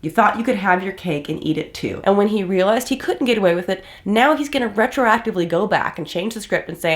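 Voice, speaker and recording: A woman's voice: mid-range voice, animated, brisk. A woman giving heated, blunt reaction commentary and swearing often. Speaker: commentary host.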